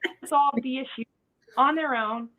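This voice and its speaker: Woman, high voice, casual podcast chat, acts out quotes, laughs often, tinny phone-like audio. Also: measured pace, crowd noise. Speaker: podcast host.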